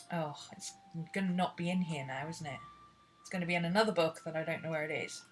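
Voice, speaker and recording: Low-pitched and fast, this British woman teaches painting in a loose, chatty tutorial, muttering to herself while she hunts for things as she works. There's a little hiss or hum in the audio.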